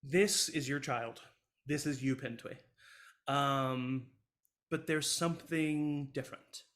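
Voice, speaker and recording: A man narrates a tabletop game as the game master, in a relaxed, easygoing way. He often pauses on filler sounds, at an ordinary mid pitch.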